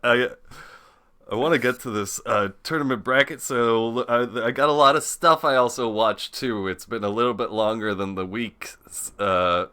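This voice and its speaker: A man's voice: medium pitch, normal speed, pushed and bright, smooth. A man co-hosting a casual podcast, easygoing and laughing often between remarks. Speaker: podcast co-host. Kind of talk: casual chat.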